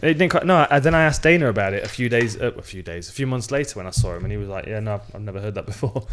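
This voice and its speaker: A man's voice: fairly low pitch, expressive, rapid-fire, fairly bright tone, a little hiss or hum. A man co-hosting a podcast, easygoing in casual banter. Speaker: podcast co-host.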